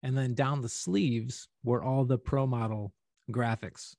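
Male podcast co-host from St. Louis, mid-pitched, animated rambling storyteller, dry close sound. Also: a little slow, creaky, no room sound. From St. Louis, USA. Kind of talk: casual storytelling chat.

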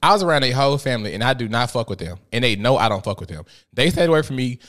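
Man, young adult, casual podcast host, animated pitch swings, mid-range voice. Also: racing. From Memphis, Tennessee. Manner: animated, profane storytelling with sudden high-pitched outbursts. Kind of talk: casual profane chat.

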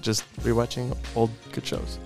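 A man's voice: medium pitch, flat delivery, normal speed, creaky, a little mellow. A man with a mid-range voice talks casually on a podcast, teasing and laid-back. Faint music sits behind him. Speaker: podcast co-host. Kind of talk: casual chat.

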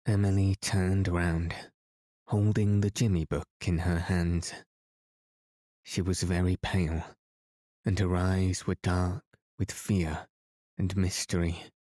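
A man calmly narrating a novel as a bedtime story, soft and unhurried. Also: sits low, no room sound, clean studio sound. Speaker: podcast host and reader.

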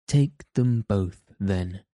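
A man reading the lines of a poor, dying old labourer who speaks lovingly to his children, in a gentle, measured storybook way. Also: lowish voice, dry recording, studio quality. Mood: tender.

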